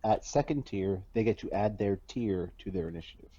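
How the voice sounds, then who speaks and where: A man playing a tabletop game, recalling rules in halting, repeated words. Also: lowish voice, mellow, dull audio. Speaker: player. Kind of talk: casual game chat.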